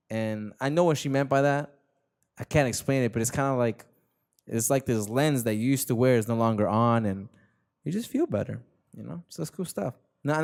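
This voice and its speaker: A man's voice: medium pitch, a little mellow. Slangy rambling young man host. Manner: rambling, slangy, repeats himself. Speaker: podcast host. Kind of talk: casual chat.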